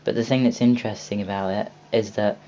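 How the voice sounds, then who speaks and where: A young man hosts a casual video walkthrough of a game store, rambling with lots of ums and restarts. His low-ish voice is mellow and steady, his pace brisk, and the home recording is dull and lo-fi with a faint hiss.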